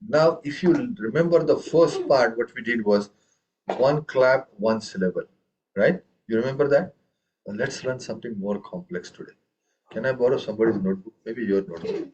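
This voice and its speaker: In this classroom music lesson, a man with a medium-pitched, darkish voice leads tabla students at a moderate pace. The recording carries a slight hiss or hum. He stays patient, keeps asking "okay" and "right?", and vocalizes the rhythm syllables for the class.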